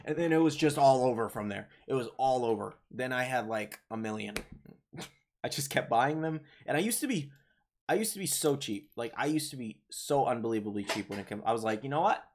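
Young male streamer, mid-pitched, loose and talkative, voice tiring a bit. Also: animated, brisk, a little mellow, a little hiss or hum. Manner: rambling, chatty, many fillers and restarts. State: voice getting worn from talking. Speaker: livestream host. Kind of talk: casual live chat reading viewer comments.

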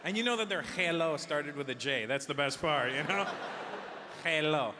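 Animated forty-something stand-up comedian. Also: male voice, a little high, noisy background. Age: 40s. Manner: animated, acts out accents and characters in quick bits. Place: large theater with a live audience.

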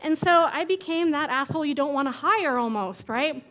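A woman speaker at a conference, telling her story in a relaxed, chatty way full of "like" and "right?". Her voice sits noticeably high. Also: moderate pace. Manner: casual, chatty, lots of "like" and "right?". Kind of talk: conference talk. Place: conference stage before an audience.

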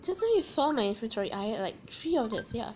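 A woman talks through her game in a casual, rambling let's-play style, full of jokes and asides. Her voice sits high and swings through a wide, lively range. Music plays clearly beneath her voice. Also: fast, muffled recording. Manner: chatty, jokey, rambling asides. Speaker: gaming channel host.

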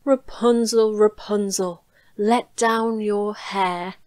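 A young, lovesick prince from a storybook, calling up in a slow, drawn-out sing-song, as a woman reads him out. Her voice stays near a middle pitch, recorded dry and close. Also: fairly even intonation, a little mellow, dry recording, natural voice. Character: young lovesick king's son.

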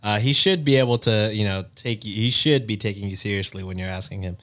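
Male podcast co-host, slightly low voice, relaxed and jokey. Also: quick pace. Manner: easygoing, joking. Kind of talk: casual chat reacting to a reddit post.

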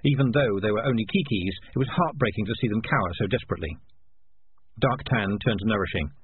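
A man narrating a storybook audiobook in an expressive reading voice. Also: on the low side, fast talker, breathy edge, dry recording. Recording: tinny lo-fi with faint hiss.

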